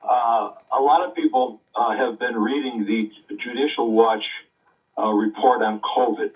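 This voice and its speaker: A man giving casual political commentary, halting and hesitant, with lots of "uh" between phrases. His voice comes through thin and phone-like, from a fair distance off the mic. His pitch sits in the middle for a man. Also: steady tone.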